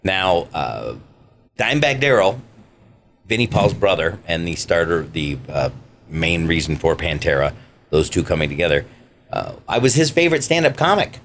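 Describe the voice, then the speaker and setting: A man, a voice actor and stand-up comic, chatting as a podcast guest and telling stories with animated energy. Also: low voice, moderate pace. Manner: animated storyteller who acts out voices. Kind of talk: casual interview chat.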